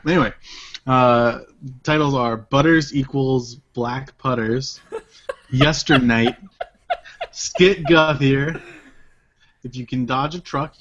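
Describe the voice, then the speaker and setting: A man's voice: mid-range voice, fairly bright tone, lo-fi sound. A man co-hosting a gaming podcast, easygoing and jokey in casual banter. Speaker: podcast co-host. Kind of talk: casual banter among friends.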